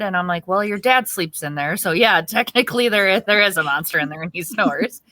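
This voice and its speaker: Casting: woman, 30s, podcast co-host, bright forceful tone, dry close mic, animated storyteller. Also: mid-range voice, moderate pace, few pauses, dry recording. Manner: animated storyteller acting out quotes. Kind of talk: casual chat.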